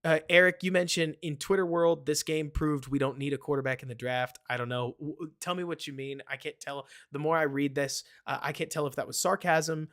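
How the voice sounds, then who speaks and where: Animated man hosting a live football stream. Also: a little high, a little fast, hardly any pauses. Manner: animated, rambling, answers viewers by name. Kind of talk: casual live-stream chat.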